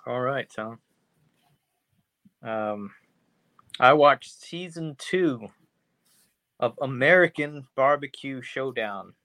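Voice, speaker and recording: A man co-hosting a podcast, chatting about a TV show in an easygoing way with plenty of pauses and filler words. His voice sits in the middle range, recorded close and dry with no room sound. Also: mid-range voice, no room sound. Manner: relaxed, hesitant, lots of "uh". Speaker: podcast co-host. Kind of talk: casual show review chat.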